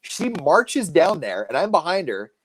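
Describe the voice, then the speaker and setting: Man in his forties, live-stream co-host, lively swooping delivery. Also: unhurried. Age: 40s. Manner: animated storytelling, lively pitch. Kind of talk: casual live-stream chat.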